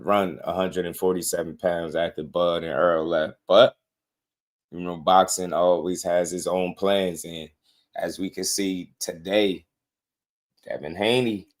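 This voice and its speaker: A man hosting a casual boxing livestream, slangy and excitable, laughing often as he talks to his chat. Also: sits low.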